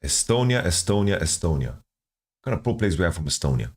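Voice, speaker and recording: A man's voice: sits low, sing-song, fairly quick, a little mellow, husky. A man streaming, thinking aloud as he guesses team rosters from player nationalities, often repeating words. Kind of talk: casual stream commentary.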